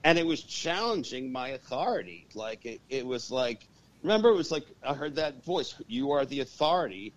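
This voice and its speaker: An animated man telling a story in a podcast interview, cursing freely as he goes. His voice sits at a middle pitch. The audio is dull and lo-fi. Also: normal speed. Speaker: guest, urban shaman and exorcist.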